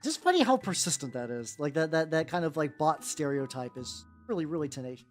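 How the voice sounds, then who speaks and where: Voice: medium pitch, big pitch swings, brisk. A miniature painting streamer chatting casually on a live stream, rambling with many fillers and self-restarts. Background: faint background music.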